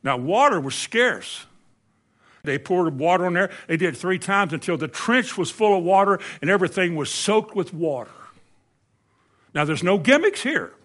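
A man's voice: sits high, lively intonation, normal speed, a bit bright. A man preaching a sermon, telling a Bible story animatedly and acting out the quoted lines in a raised voice.

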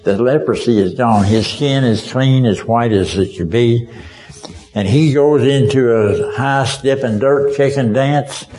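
A man's voice: medium pitch, unhurried, darkish tone, poor audio. A man preaching a sermon as a vivid story, speaking as a witness and asking his listeners directly whether they can see it.

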